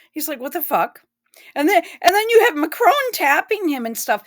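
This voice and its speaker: A woman's voice: very high-pitched, big pitch swings, moderate pace, a little hiss or hum. A woman giving blunt, profane and emotional commentary while reacting to news clips. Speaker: online commentator.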